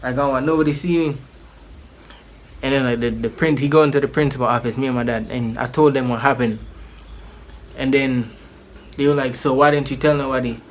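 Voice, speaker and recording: A man's voice: medium pitch, a little fast, long pauses, a little hiss or hum. A man telling a personal story in a casual vlog, rambling and slangy, with many restarts. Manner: animated, acts out the people in his story.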